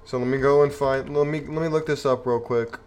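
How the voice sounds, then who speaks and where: A man's voice: medium pitch, fairly even intonation, fairly quick, a little mellow, clear, resonant tone. A young man hosting an opinion commentary show, reading news aloud and reacting with rhetorical, indignant outrage.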